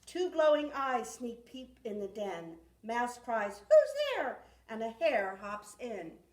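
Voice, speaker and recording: A woman's voice: fairly high pitch, takes it slowly. A woman reading a rhyming picture book aloud at a library storytime with rhythmic expression. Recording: echoey room, far from mic.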